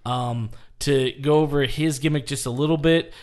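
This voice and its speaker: A man co-hosting a podcast, telling a story in casual chat with lively laughs and acted-out quotes. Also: mid-range voice, normal speed. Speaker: podcast co-host.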